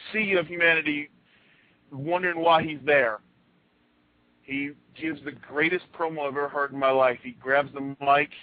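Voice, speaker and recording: A male radio host telling a story on a roundtable and handing the talk to his guests, animated and prone to doubled-up restarts. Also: on the high side, dry recording. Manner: animated, repeats words as he restarts. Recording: tinny phone line.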